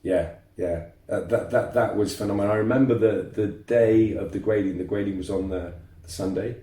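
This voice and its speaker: A man, telling lively stories as a martial arts instructor guest, repeating words as he goes. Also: on the low side, moderate pace, recorded from a distance. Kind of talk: casual interview storytelling. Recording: roomy echo, voice off-mic.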